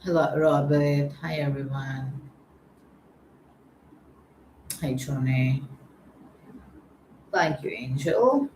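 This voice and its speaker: A low-voiced woman chats casually through a livestream and greets viewers one by one with a teasing tone. Her voice comes from an echoey room with faint ambient noise behind it. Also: slow pace, darkish tone. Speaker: livestream host.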